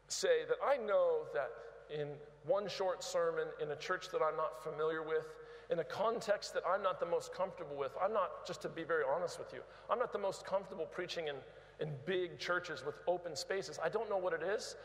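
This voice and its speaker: High-voiced man preaching. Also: fairly quick. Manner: emphatic, repeats words, prods the crowd. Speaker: guest preacher. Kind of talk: sermon. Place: large open church. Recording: reverberant big church hall.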